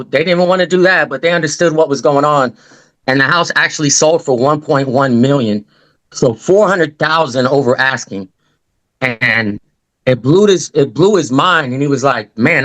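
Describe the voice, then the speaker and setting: A man's voice: fairly high pitch, sharp tone, poor audio. Slangy, rambling man telling stories. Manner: rambling, slangy, acts out the people in his stories. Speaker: new real estate agent. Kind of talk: casual storytelling on a group call.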